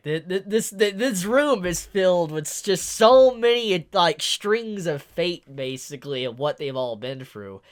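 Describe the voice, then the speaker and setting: A man reviewing a manga chapter in a casual, excitable way, gushing as he reacts with lots of "yo" and "like". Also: sits high, a little slow, few pauses, clean tone.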